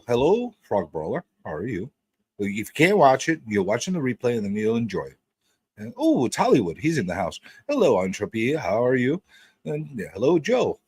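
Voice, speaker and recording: A man's voice: medium pitch, a little mellow, breathy edge. A man hosting a live stream in casual chat, rambling and repeating his words as he greets viewers by name.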